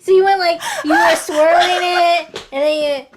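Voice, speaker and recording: A high-pitched woman co-hosting a casual podcast, laughing often and prodding her friend for more of the story. Clear background noise runs under her voice. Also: steady tone, normal speed. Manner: laughs a lot, eggs on the story. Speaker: podcast co-host. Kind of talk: casual chat.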